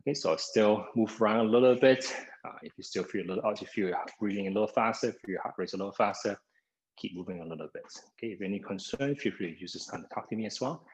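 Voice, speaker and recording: A man's voice: lowish voice, fast, low-quality recording. A man instructing a live online exercise class, a little out of breath, opening nearly every cue with "okay" and counting down the seconds. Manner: begins most cues with "okay", counts down seconds. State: somewhat out of breath. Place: home via video call. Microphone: video call microphone.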